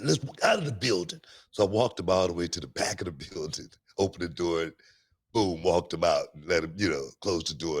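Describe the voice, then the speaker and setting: A middle-aged man co-hosting a podcast, telling stories in a loud, animated way with lots of slang and laughter. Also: rumbling low. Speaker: podcast co-host. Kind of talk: casual storytelling chat.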